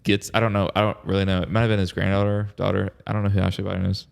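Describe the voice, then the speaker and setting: A young man co-hosts a podcast in a low, gravelly voice with little pitch movement, talking rapid-fire. His storytelling is casual chat, rambling and heavy with fillers.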